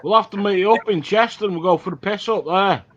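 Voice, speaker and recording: A man's voice: sits high, fast, highs cut off. A man from the trading crude, mocking insults in casual banter on a livestream. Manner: crude, mocking, heavy swearing. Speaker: guest on a livestream.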